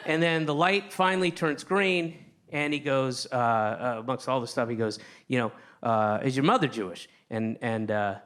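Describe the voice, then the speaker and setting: A man's voice: fairly high pitch, a bit bright. A man doing stand-up, telling a rambling, self-mocking story full of swearing, with a live audience. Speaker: stand-up comedian. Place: stage before a laughing audience. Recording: live stage recording with audience noise.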